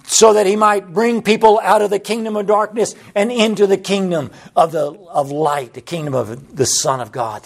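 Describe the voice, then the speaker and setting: A man's voice: steady tone, moderate pace, creaky, hardly any pauses. A man preaching a sermon, building passion through repeated phrases and Bible quotations. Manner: impassioned, rising pitch on repeated phrases.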